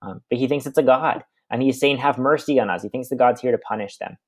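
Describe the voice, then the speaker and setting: A man's voice: medium pitch, fast, darkish tone, dry recording. Teacher type, young man, reads then paraphrases loosely, chatty filler-laden explanations. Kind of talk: reading aloud and explaining a text.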